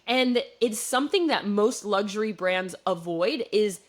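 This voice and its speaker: A young woman from Wisconsin with a Midwestern accent, hosting a business podcast and explaining marketing in a relaxed, conversational way with plenty of fillers. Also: medium pitch, unhurried. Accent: Midwestern American. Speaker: podcast host, marketing coach. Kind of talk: solo business podcast commentary.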